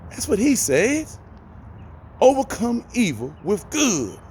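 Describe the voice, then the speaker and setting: A middle-aged man talks from inside a vehicle, handing out folksy life advice in an animated, preachy way. His voice sits high and jumps all over the place as he drives his points home. He keeps repeating phrases for emphasis, with a faint hum behind him. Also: slow. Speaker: vlogger giving life advice. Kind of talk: casual motivational talk.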